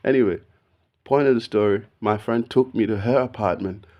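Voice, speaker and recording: A man, telling a story in a casual, slangy, animated way, saying "bro" all the time. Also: fairly low pitch, normal speed, dull audio. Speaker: video podcast host.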